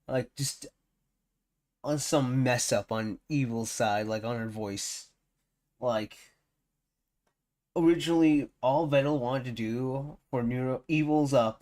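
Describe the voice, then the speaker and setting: A man casually reacting to a video on stream, rambling with lots of fillers and amused asides. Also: medium pitch.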